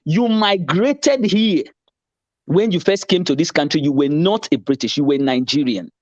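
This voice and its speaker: A man's voice: a little high, expressive, normal speed, a little mellow, no echo. A man arguing politics in a heated casual debate, insistent and lecturing, often repeating himself. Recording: dull lo-fi sound.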